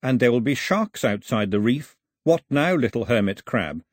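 A man's voice: medium pitch, lively intonation, normal speed, no echo, clean studio sound, close to an everyday voice. A man voicing a sly, mocking shark spirit. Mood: taunting. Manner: mocking, teasing.

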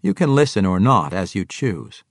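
A man voicing a calm, suave male dark-elf double agent with a cool, measured delivery, in an audiobook. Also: on the low side, creaky, no room sound, studio quality, exaggerated voice. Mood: composed. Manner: cool, measured, self-assured.

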